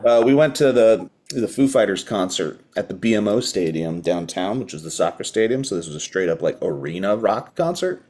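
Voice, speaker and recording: Excited man telling a concert story. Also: on the low side, brisk, few pauses. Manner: enthusiastic storyteller who acts out quotes. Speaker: podcast co-host. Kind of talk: casual storytelling chat.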